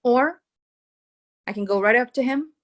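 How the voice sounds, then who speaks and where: Woman coach, bright-ish higher voice, earnest and emphatic, leans on repetition. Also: measured pace. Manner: earnest and emphatic, repeats key phrases. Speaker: relationship coach. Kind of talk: live coaching session, reading out viewer comments.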